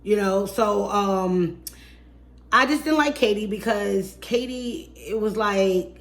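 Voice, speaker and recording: A woman talks through a reality TV episode in a relaxed, unscripted vlog. Her delivery is blunt and sassy. She flares into animated outbursts and slips into mocking impressions of the people she discusses. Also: medium pitch, slow. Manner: mimics people in mocking voices. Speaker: reality TV reviewer. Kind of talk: casual review chat.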